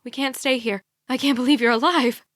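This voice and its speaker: A woman's voice: sits high, fairly even intonation, fairly quick, fairly bright tone, dry recording, clean studio sound. A woman voicing a frightened teenage girl who talks in an urgent, pleading way. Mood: frantic. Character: frightened teenage girl, desperate younger sister.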